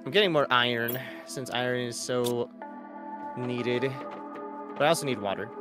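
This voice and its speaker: A man rambling and thinking out loud while playing a co-op video game with friends, easily flustered. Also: mid-range voice, normal speed, music in the background. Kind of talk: casual gaming chat.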